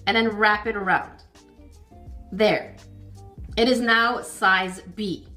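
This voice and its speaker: A woman hosting her own channel, talking through a craft kit review as she works with her hands, chatty and self-encouraging, easily flustered into quick exclamations. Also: fairly high pitch, fairly bright tone, soft background music.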